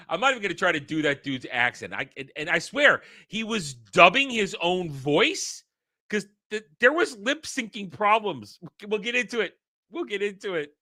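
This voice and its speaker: With a slightly high, sing-song voice that comes across pushed and bright, this livestream host speaks at a normal speed. He's blunt and rambling, cursing often and frequently starting sentences over. There's no echo, and it's studio quality.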